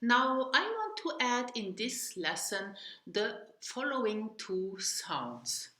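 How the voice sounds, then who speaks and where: A woman whose first language is Luxembourgish teaches pronunciation, saying each word slowly and repeating it for the listener to copy. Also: fairly high pitch, big pitch swings, bright, forceful tone, echoey room. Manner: slow, deliberate, repeats words for practice. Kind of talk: pronunciation lesson.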